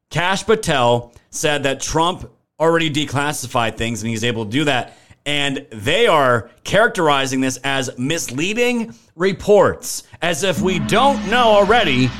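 A young man with a slightly high, somewhat bright voice hosts a political livestream. He reads the chat and comments indignantly and emphatically, swearing and thanking viewers by name.

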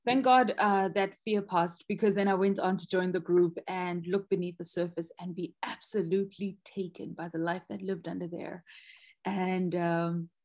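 Woman in her 30s telling her story on a podcast, animated, acts out the scary bits. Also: fairly low pitch, moderate pace. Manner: expressive, acts out quoted panic loudly. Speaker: guest. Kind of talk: personal storytelling in a podcast interview.

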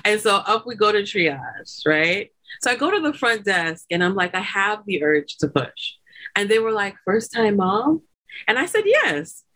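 A woman guest on a podcast, telling her own story in a chatty, laughing way and acting out the people she quotes with loud, high bursts. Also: very animated, unhurried. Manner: chatty, laughing often, many fillers like "like" and "you know". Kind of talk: animated birth story told in casual chat.

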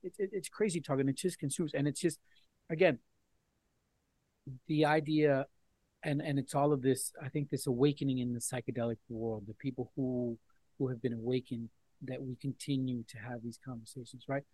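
A man talking as a podcast guest in casual conversation, animated, swearing and often repeating words as he restarts. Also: medium pitch, moderate pace, no echo.

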